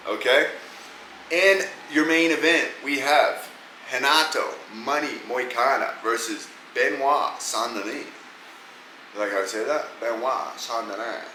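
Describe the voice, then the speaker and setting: A man's voice: mid-range voice, sharp tone, a little hiss or hum. A man hosting a podcast, giving casual, profane, rambling picks on upcoming fights. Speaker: podcast host. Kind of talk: casual fight-pick commentary. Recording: echoey room with faint ambience.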